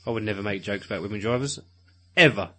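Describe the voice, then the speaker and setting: A man's voice: on the low side, fast talker, fairly bright tone, husky. A man co-hosting a podcast, firing off quips and teasing questions. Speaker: podcast co-host. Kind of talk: casual banter.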